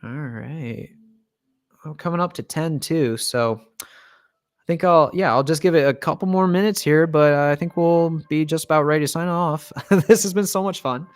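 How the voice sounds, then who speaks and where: A man's voice: a little high, moderate pace, clear, resonant tone, no room sound. A man hosting a casual livestream Q&A, chatty, laughing often and reading viewer comments aloud. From United States. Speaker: livestream host, band member.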